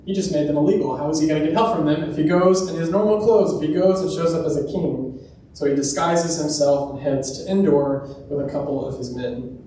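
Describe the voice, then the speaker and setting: A man's voice: on the high side, darkish tone, a little hiss or hum. A man giving a sermon in a church, retelling a story in a conversational way with personal asides. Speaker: preacher. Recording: very echoey room, distant mic.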